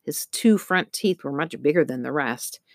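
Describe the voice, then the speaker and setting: A woman reads a novel aloud in a steady, measured way, her voice sitting quite low. The recording is close and completely dry, with no room sound at all. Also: no room sound. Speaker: audiobook narrator. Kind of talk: scripted narration.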